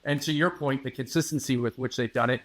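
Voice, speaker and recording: A man, a newspaper sports reporter, giving measured, confident analysis as a guest on a casual podcast chat. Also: medium pitch, steady tone, a bit bright.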